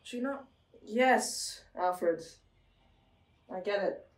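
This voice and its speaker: A woman playing a VR game who chats to herself in an excitable way, with many exclamations, recorded from a distance in an echoey room. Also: mid-range voice, takes it slowly, a little hiss or hum. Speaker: gamer streamer.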